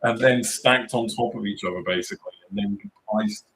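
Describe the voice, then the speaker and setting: A young man chatting casually on a stream, animated and swearing now and then. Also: on the low side, normal speed, slight background noise, poor audio. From Australia. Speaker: co-host of a cricket watchalong stream. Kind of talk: casual chat.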